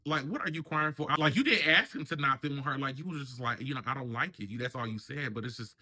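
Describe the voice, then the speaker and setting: A man's voice: medium pitch, fast, a crowd in the background. A man hosting a casual reality TV review, chatting and acting out the cast members' lines in raised voices. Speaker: reality TV commentary host.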